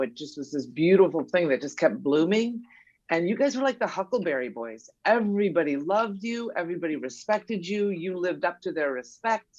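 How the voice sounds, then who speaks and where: A woman's voice: lowish voice, no echo. A middle-aged woman sits in as a podcast guest, telling family stories in an easy chatty way and acting out bits of old conversations. Her voice sounds close and dry. The recording is slightly muffled. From New England. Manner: warm storytelling, acting out remembered dialogue. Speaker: guest, mother of a basketball player. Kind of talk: casual podcast chat.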